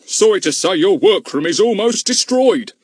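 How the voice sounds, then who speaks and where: A man reading an audiobook, voicing a gruff, bossy village policeman who shouts and blusters. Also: sits high, lively intonation, normal speed, dry recording, voice pushed up. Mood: blustering.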